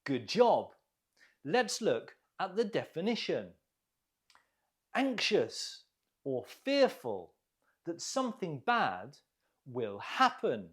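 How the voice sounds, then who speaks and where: An English teacher giving an online vocabulary lesson, enunciating each word with care, pausing for learners to repeat and praising them warmly. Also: medium pitch, huge pitch swings. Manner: deliberate, clearly enunciated, drills pronunciation with pauses for repeating; encouraging, gently praises learners.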